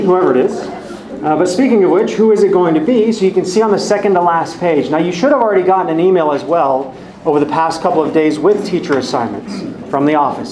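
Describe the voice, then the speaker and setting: A Bible study teacher with a high-pitched, darkish voice makes friendly, well-organized announcements to a group gathered in person. There's a little hiss or hum, and the church hall is echoey with faint ambience.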